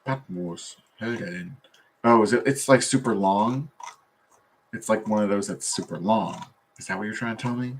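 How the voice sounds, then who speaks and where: A man with a somewhat low voice talks in a loose, wandering way on a solo stream, full of fillers and half-finished thoughts. He speaks from his desk at a computer. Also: normal speed, a little hiss or hum. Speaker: vlogger. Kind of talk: rambling solo livestream talk.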